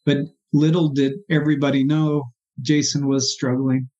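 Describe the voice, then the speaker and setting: A man, a therapist, telling his personal story as an interview guest in an earnest, halting, emotional way. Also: mid-range voice, flat delivery, dark tone. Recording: dull lo-fi sound.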